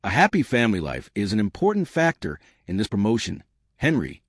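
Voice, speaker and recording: A man voicing a stern, calculating middle-aged boss who speaks in measured, pointed phrases. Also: on the low side, huge pitch swings, dry recording, clean studio sound.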